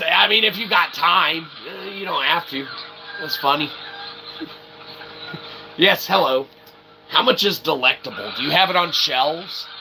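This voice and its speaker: A man chats loosely to his stream audience, wandering through wordy, joking asides. His voice sits a bit high and has a gravelly edge. A steady noisy hiss runs under the recording. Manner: rambling, jokey, wordy. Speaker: streamer and host. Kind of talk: casual livestream chat.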